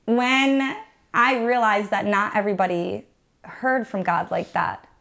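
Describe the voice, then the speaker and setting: A woman's voice: mid-range voice, a little slow, gravelly, fairly bright tone. A woman in her thirties from upstate New York, telling her faith story as an interview guest, earnest and rambling with many fillers and restarts. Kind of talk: personal faith testimony in conversation.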